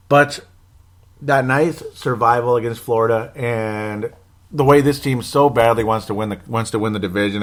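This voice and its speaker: A man's voice: mid-range voice, a bit bright. A man gives casual solo sports commentary as a podcast host, rambling and correcting himself, anxious and wry with frequent chuckles.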